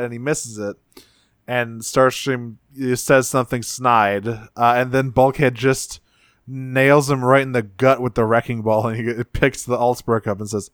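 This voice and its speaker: Speaking at a medium pitch with fairly even intonation, a slightly bright and smooth man chats casually as a podcast co-host. The studio-quality recording has no echo. He gives a profane, meandering recap of a cartoon episode, jumping into quick voices to act out what the characters said.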